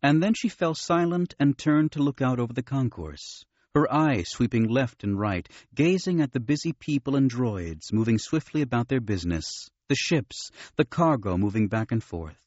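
A man reading an audiobook in an expressive narrating style. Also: medium pitch, moderate pace, few pauses, dry recording, dull audio. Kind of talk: scripted narration.

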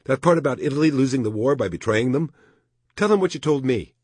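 A man's voice: medium pitch, expressive, fast, darkish tone, breathy edge, no echo, clean studio sound, voice pushed up. A man voicing a young woman who urges in a pointed way. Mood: urging.

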